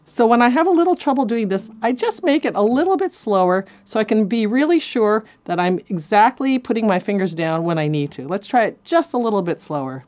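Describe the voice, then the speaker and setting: A woman's voice: medium pitch, animated, brisk, hardly any pauses, darkish tone. A woman teaching a cello lesson, counting beats aloud and encouraging her students. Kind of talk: instructional lesson. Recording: cello playing behind. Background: faint cello music.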